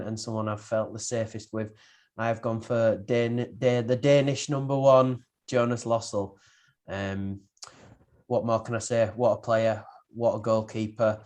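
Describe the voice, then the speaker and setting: A young man co-hosting a casual football podcast, given to teasing, jokey banter. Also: lowish voice. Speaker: podcast co-host. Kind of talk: casual chat.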